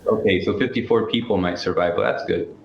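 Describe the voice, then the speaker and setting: A man's voice: low voice, a little fast, creaky. A man guesting on a casual political talk show, arguing his points emphatically and swearing now and then. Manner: emphatic, argumentative, profane. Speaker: guest commentator. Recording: echoey, dull, lo-fi, faint background noise.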